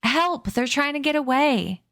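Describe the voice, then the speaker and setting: A woman's voice: on the low side, moderate pace, no echo, clean studio sound, natural voice. A woman voicing a cagey, streetwise gypsy boy in a read-aloud story, with clipped, slangy speech. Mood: panicked screaming.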